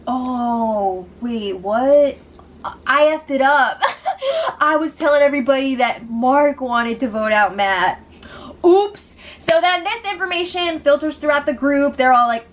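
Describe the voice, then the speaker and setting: A high-voiced woman running through a casual reality show recap. She talks with a sarcastic edge, laughs often and mocks the people she quotes. Faint noise sits under her voice. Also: a bit bright.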